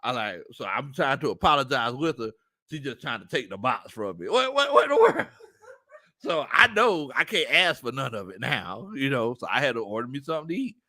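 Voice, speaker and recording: A man hosts a relaxed sports livestream, reading out chat comments and spinning stories between bursts of laughter. His voice is bright and forceful, and his pitch rises and falls widely as he talks. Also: brisk. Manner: laughs often, reads chat comments aloud, storytelling. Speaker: sports show host.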